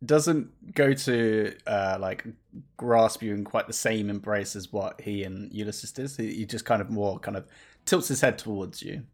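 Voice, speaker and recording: A man narrating as game master of a tabletop game in a relaxed, casual way. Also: fairly low pitch, normal speed, slightly rough.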